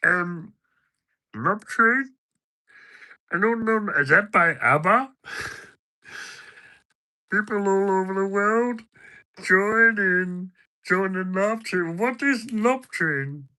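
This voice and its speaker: A man's voice: high-pitched, slow, long pauses, bright, forceful tone, voice pushed up, exaggerated voice. A man doing a comic impression of his male friend, a muddled and apologetic guy. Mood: puzzled. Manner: confused questions, over-the-top apologies. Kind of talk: impression during a live stream.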